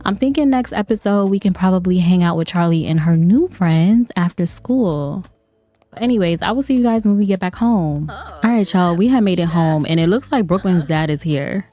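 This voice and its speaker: A young woman hosting a casual gaming video, chatty and animated, laughing often and talking to her viewers. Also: lowish voice, moderate pace. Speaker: gaming channel host. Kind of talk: casual game commentary.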